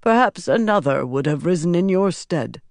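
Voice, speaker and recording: A narrator voicing a grave man who intones a prophecy in a raised, measured voice. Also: medium pitch, animated, dry recording, studio quality, voice pushed up, lightly acted. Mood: even.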